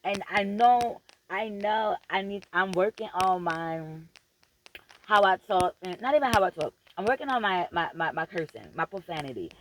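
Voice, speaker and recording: A woman's voice: mid-range voice, lively intonation, moderate pace, a little hiss or hum, low-quality recording. A woman vlogger giving a profane, emphatic and preachy motivational rant straight to her viewers, repeating phrases for emphasis.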